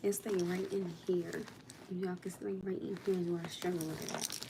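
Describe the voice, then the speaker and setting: A woman's voice: on the low side, fairly even intonation, brisk, creaky, background noise. A woman casually chatting to viewers on a livestream, talking in an exasperated, chatty way to the people watching.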